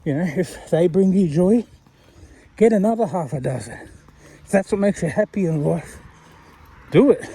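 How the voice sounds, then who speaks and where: A man's voice: high voice, lively intonation, normal speed, creaky, long pauses, mellow, slightly rough. A man chatting in a rambling, wandering way while he walks, talking to a channel owner he admires. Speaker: viewer sending a video message. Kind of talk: rambling casual monologue.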